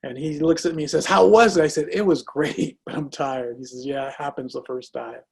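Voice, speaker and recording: A man's voice: mid-range voice, a little fast, gravelly, husky. A man telling a personal story in a motivational talk, acting out the dialogue as he goes. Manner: lively, acts out dialogue in anecdotes. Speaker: speaker.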